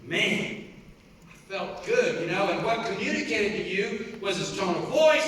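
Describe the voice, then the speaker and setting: A high-pitched, bright-toned man gives a fired-up motivational speech and hammers his points home by repeating them. His voice carries through a big echoing convention hall with a long reverb tail, picked up from well away from the mic. Faint room hum sits underneath. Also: normal speed. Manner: energetic, emphatic, repeats key points. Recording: echoey hall, voice from far off.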